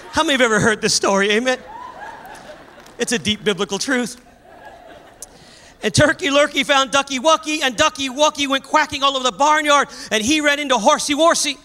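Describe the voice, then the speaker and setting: A man preaching a sermon, telling a story with animated energy and raising his voice at the high points. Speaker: pastor. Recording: long hall reverb.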